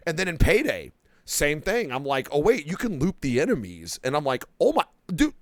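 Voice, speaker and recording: A young man hosting a casual gaming podcast, animated, swearing freely and laughing often. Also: fairly high pitch, normal speed, no room sound. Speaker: streamer and podcast host.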